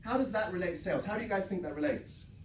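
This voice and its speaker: Energetic sales trainer in an echoey room. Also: mid-range voice, fast, a little hiss or hum. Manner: energetic storyteller, keeps asking "right?". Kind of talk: live workshop talk to a room. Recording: echoey room, mic at a distance.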